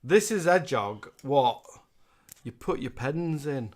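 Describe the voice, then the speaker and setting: A man's voice: mid-range voice, lively intonation, takes it slowly, darkish tone. A man hosting a casual live stream, chatty and giggly as he reads out thank-yous. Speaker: host.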